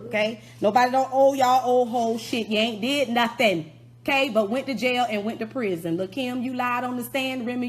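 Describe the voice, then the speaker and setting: A woman's voice: on the high side, slight background noise. A middle-aged woman rapper giving a blunt, profane, scolding rant of a song review. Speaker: rapper turned commentator.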